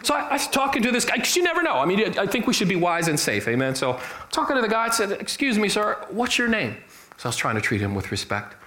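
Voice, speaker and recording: A man's voice: sing-song, fast talker, sharp tone. A man preaching a sermon as pastor, emphatic, repeating phrases and asking the congregation to respond, acting out quoted dialogue. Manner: acts out quoted dialogue in a lower voice. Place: church sanctuary. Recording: roomy church echo.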